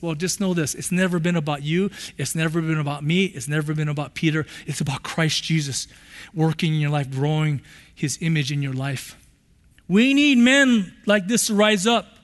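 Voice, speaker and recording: A man's voice: fairly high pitch, moderate pace. A man pastor preaching a sermon in a church hall, impassioned and prone to repeating phrases. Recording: long hall reverb.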